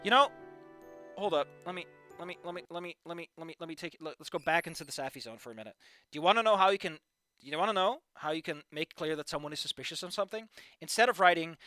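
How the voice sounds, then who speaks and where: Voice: mid-range voice, animated, fairly quick, bright, forceful tone, no echo, clean studio sound. A fanfiction critic reading a story aloud and breaking off into exasperated, profane rants, sighing between points. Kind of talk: ranting commentary on a reading.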